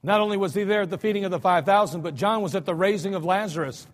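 An American male pastor preaching a storytelling sermon, swinging between soft asides and loud cries. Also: high voice, fast talker. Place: church sanctuary. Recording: church hall reverb.

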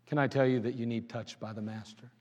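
A man's voice: medium pitch, fairly even intonation, quick pace. Man preaching in a reverberant hall. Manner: rhetorical questions, swings from loud pleading to hushed. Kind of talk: sermon. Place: church.

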